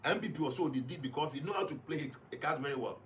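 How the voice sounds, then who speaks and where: A man's voice: a little high, animated, racing, a bit bright, slight background noise. A man with a Ghanaian accent speaking on live radio, explaining his points one at a time and mixing English with Twi. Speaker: radio guest reading numerology.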